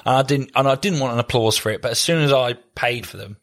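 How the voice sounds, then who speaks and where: A man chats on a casual two-host podcast. His pitch is average for a man, and he talks in a friendly, self-deprecating way with frequent laughs. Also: fast talker, a bit bright. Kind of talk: casual banter.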